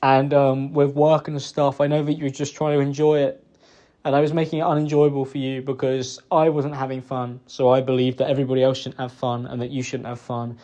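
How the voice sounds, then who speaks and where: A young man giving a halting, self-reproachful personal apology, emotional and close to tears, hesitating with many fillers. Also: mid-range voice, level tone, dark tone. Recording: dull lo-fi recording.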